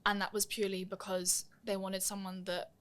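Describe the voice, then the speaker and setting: A woman's voice: medium pitch, flat delivery, moderate pace, fairly bright tone. A young woman telling stories in a casual interview, acting out the voices of people she quotes. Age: young adult. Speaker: guest, musical theatre performer.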